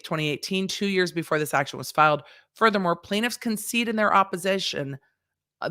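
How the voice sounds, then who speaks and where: Lady lawyer reading court docs aloud, sassy and animated, dry close mic. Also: sits low, no echo. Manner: animated, sassy, acts out the court's lines in quotes. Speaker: lawyer and commentary host. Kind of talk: casual legal commentary.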